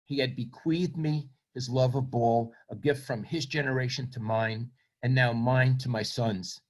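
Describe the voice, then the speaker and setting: A man's voice: medium pitch, steady tone, a little slow. A man, reading from his book and then talking about himself in a reflective, self-deprecating way. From Brooklyn, New York. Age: 70s. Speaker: author.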